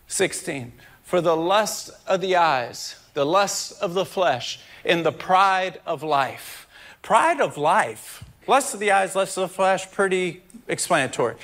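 A man preaching as a pastor, storytelling and then rising to loud shouted preaching before dropping back low. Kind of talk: sermon.

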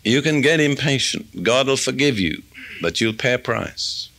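Bright-voiced man preaching a sermon. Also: mid-range voice, expressive, normal speed, gravelly. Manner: conversational teaching, reads scripture aloud. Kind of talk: expository sermon.

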